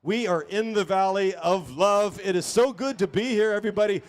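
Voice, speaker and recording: A high-pitched man speaking at a moderate pace co-calls a street bike race outdoors as a race announcer. His live commentary is full of flowery, dramatic wording.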